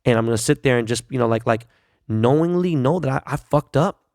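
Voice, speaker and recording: A man's voice: mid-range voice, brisk, vocal fry, darkish tone, dry recording, studio quality. A middle-aged man hosting a podcast, delivering a blunt, profane, heated solo rant. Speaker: podcast host. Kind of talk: ranting solo podcast monologue.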